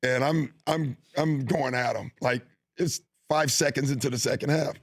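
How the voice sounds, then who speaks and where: A middle-aged man, a basketball coach, being interviewed and telling stories in a relaxed way, with lots of fillers and restarts. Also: mid-range voice, moderate pace, no echo, clean studio sound. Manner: easygoing, with frequent fillers and restarts. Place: studio.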